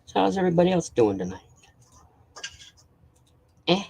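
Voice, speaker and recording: A man's voice: sits high, big pitch swings, normal speed, creaky, a little mellow, slightly rough, poor audio. A man hosting a casual live stream, greeting viewers and talking bluntly with plenty of swearing.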